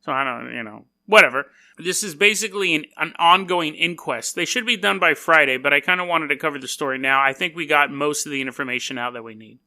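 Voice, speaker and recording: A man's voice: on the high side, quick pace, few pauses, sharp tone. A man hosting a podcast, telling a story casually with rambling, self-deprecating jokey asides. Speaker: podcast host.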